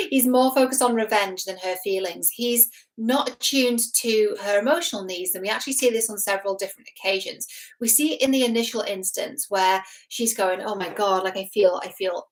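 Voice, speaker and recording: A woman in her thirties hosting a reaction show as a relationship expert, talking to camera in a casual, earnest and analytical way with frequent fillers and restarts. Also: mid-range voice.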